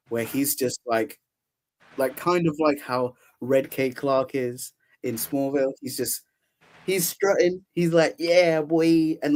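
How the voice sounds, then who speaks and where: A young man hosting a podcast, casually recapping a film with lots of laughter and acted-out quotes. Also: medium pitch. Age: young adult. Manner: animated, laughs often, acts out quotes. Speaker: podcast host. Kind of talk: casual movie recap chat.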